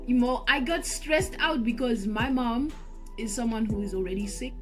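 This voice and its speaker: A woman telling a story to her viewers in a lively, animated vlog, speaking straight to the audience. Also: on the high side, normal speed, faint music behind. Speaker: vlogger and singer.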